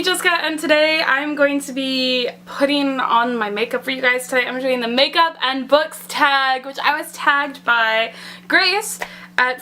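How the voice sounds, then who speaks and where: A woman's voice: high voice, pushed and bright, a little hiss or hum. A woman in her twenties chatting nervously and rambling in a casual makeup tag vlog, recorded indoors at home. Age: 20s. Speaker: book and makeup vlogger. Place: indoors at home, away from her usual bathroom mirror.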